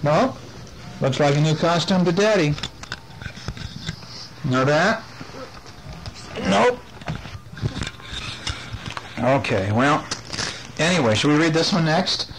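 A man's voice: fairly high pitch, takes it slowly, pauses often, slight background noise, low-quality recording. Playful father reading a bedtime story. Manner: playful and animated, with chatty asides to the child. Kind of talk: reading a picture book aloud to a child.

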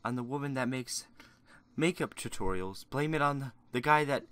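A man's voice: mid-range voice, expressive, moderate pace, fairly bright tone, clean tone, no echo. A man giving sarcastic, crude reaction commentary with mocking, rambling asides. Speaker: YouTube commentator.

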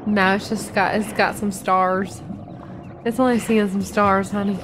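A woman co-hosting a casual let's play, excitable and playful as she reacts to the game. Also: mid-range voice, measured pace, over music. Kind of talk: casual gameplay chat.

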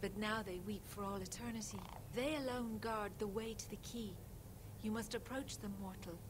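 A woman's voice: mid-range voice, steady tone, moderate pace, close to an everyday voice. A woman voicing a solemn, ageless female fae guide in a video game, speaking in formal, archaic phrasing. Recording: game audio with clear background noise.

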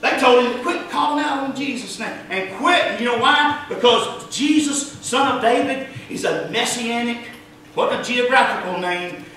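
A male pastor preaches with fervor, swinging from hushed asides to ringing calls. His voice sits unusually high and bright. It rings around a big, echoing church, caught from well back. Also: moderate pace, a little hiss or hum. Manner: fervent preaching, rising to loud cries. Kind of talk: sermon. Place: church sanctuary. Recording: echoey church heard from a distance.

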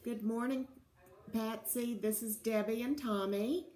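Slow-speaking woman sending birthday greetings. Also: on the high side, fairly even intonation, dark tone, poor audio. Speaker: friend giving birthday wishes. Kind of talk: recorded birthday message.

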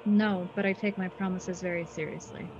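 A woman playing a tabletop game, talking slowly and casually with her fellow players. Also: lowish voice, fairly even intonation, background noise. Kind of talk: casual chat and in-character play. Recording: dull lo-fi sound with loud music.

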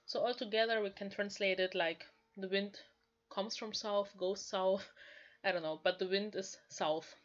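Slow woman explaining Japanese. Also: medium pitch, fairly even intonation, dull audio. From Germany. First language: German. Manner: slow, careful explaining with frequent "like". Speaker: language learner teaching Japanese. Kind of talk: explaining manga lines.

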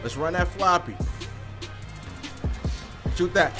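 A man giving excited gameplay commentary, hyping plays and often shouting. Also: high-pitched, measured pace, over loud music. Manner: hypes plays with frequent shouting. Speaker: gaming video creator.

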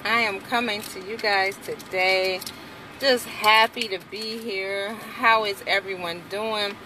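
A young adult woman vlogging from inside a car, chatting casually and playfully with her viewers, breaking into high exclamations. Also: fairly even intonation, slow pace, background noise.

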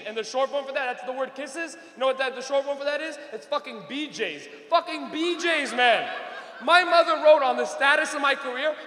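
A man doing a stand-up routine on stage, loud and profane, laughing as he talks. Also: very high voice. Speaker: stand-up comedian. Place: comedy club stage. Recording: echoey hall reverb.

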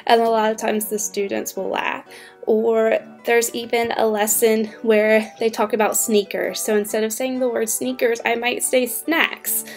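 Upbeat woman teacher explaining classroom tips. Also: on the high side. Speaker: online ESL teacher. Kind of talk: instructional talk to fellow teachers.

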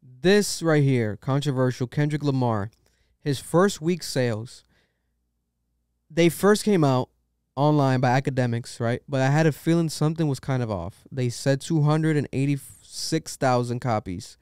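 A man's voice: medium pitch, a little slow, a little mellow, clear, resonant tone, no room sound, studio quality. A young man hosting a casual podcast, ranting with strong opinions and plenty of swearing. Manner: opinionated, profane, rambling rants. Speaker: podcast host.

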